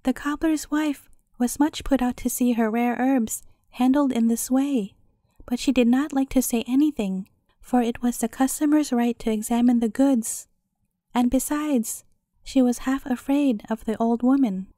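A woman reads a fairy tale aloud as a bedtime story, calm and measured. Her voice is high but dark and mellow, recorded close and dry. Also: no echo.

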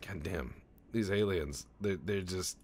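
A man's voice: deep voice, a little slow, slight background noise. A man doing rambling, profane, jokey let's-play commentary over a strategy game, tossing in goofy voices. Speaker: gaming channel host.

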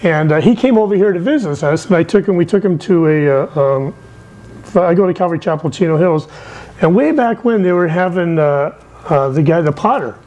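A middle-aged man giving a lively sermon from the pulpit, telling stories with big swings in his voice. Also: fairly quick, rough recording. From England. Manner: animated, storytelling with wide swings in pitch. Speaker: missionary speaker.

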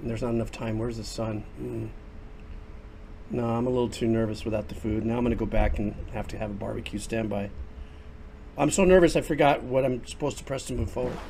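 An older man giving chatty, excitable live commentary while playing a game, talking into a headset. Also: medium pitch, brisk, gravelly, slight background noise. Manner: chatty, excitable, exclaims often. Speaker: streamer and composer. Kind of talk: casual livestream commentary.

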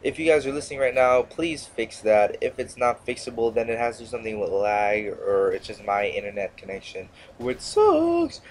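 A man's voice: mid-range voice, big pitch swings, normal speed, few pauses, a little hiss or hum. A teenage male gamer giving casual, rambling commentary over his gameplay, sarcastic and often cutting himself off. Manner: rambling, sarcastic, self-interrupting. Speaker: gaming commentator.

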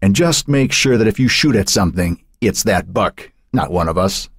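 A man's voice: fairly low pitch, expressive, moderate pace, slightly rough, dry recording, clean studio sound, pitched above the performer's own voice. A man voicing a stern middle-aged stepfather who gives clipped orders. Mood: commanding. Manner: commanding, clipped.

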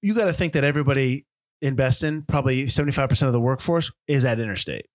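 A man's voice: mid-range voice, fast, no room sound, clean studio sound. A man co-hosting a casual film podcast, easygoing and agreeable, asking questions and often restarting his sentences. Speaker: podcast co-host.

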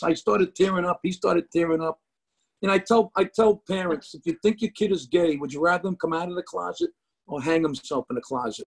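A middle-aged comedian with a New Jersey accent, talking bluntly and profanely in a casual interview over a video call. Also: male voice, high voice, fairly quick, creaky, husky. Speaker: comedian guest.

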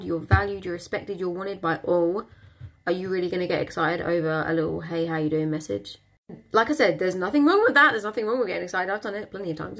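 A woman's voice: medium pitch, gravelly, husky. A young woman coaching her viewers in a casual, emphatic motivational talk, blunt and sweary, stacking repeated phrases for emphasis. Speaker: manifestation coach.

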